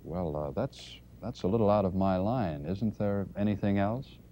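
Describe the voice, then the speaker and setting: A man doing a weary, gentle store Santa. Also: sits low, normal speed, a little hiss or hum, lightly acted. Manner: gentle, hesitant. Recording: dull lo-fi 1970s TV tape.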